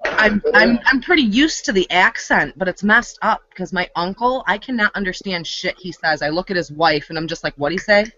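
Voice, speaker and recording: A woman in a casual live hangout, telling a story with a lively, rising and falling voice. Her tone is bright and sharp. The audio is dry and somewhat dull. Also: medium pitch, moderate pace, no room sound. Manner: animated storytelling.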